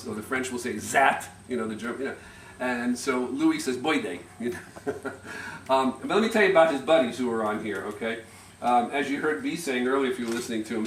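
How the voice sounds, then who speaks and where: At a family get-together in an indoor party room, a slightly nervous middle-aged man speaks informally, his mid-range voice stopping, restarting and chuckling softly through anecdotes. The amateur recording is distant and roomy with echo because he stands far from the microphone, and a faint ambient hum sits underneath.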